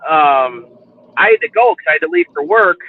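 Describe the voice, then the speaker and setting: A man's voice: on the high side, wildly swooping pitch, normal speed. A man hosting a casual chat show, telling a rambling story full of swearing and restarts. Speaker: livestream chat host. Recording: tinny phone-like line.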